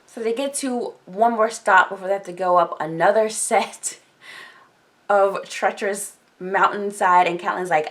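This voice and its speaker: A woman vlogger retells a novel in a loose, chatty way. She leans on filler words as she goes, and her voice sits a little low. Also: moderate pace. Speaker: book discussion vlogger. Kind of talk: casual book recap.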